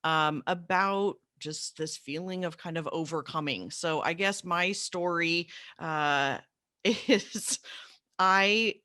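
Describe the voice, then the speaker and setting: A woman psychotherapist talking as a guest in an interview, energetic and emphatic, now and then clearing her throat. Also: low-pitched, slow pace, no echo, clean studio sound. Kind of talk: casual interview chat.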